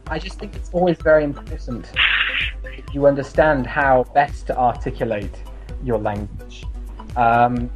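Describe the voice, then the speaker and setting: A man's voice: medium pitch, unhurried, over music, rough recording. A man hosting an online English conversation club, talking casually with many fillers and restarts. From New Zealand.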